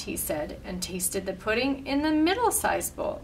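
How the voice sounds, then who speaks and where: A woman reading a storybook aloud with animated, expressive delivery, then leading a simple craft. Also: medium pitch, measured pace, distant mic, slight background noise.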